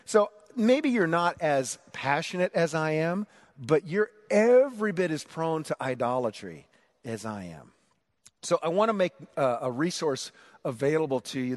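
A middle-aged man preaching a sermon, telling a story about himself in an animated, self-mocking way and acting out the shouting. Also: on the high side. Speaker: pastor.

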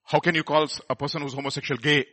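A man preaching a sermon, emphatic, asking the congregation questions and leaving pauses for them to answer. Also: on the high side, steady tone, pushed and bright.

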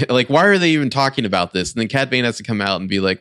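A man's voice: on the low side, lively intonation, fast talker, hardly any pauses, a bit bright, clear, resonant tone, no room sound, studio quality. A man co-hosting a podcast, casually picking apart a TV show in a sarcastic, rambling way with lots of filler words. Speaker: podcast co-host. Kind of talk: casual chat reviewing a TV show.

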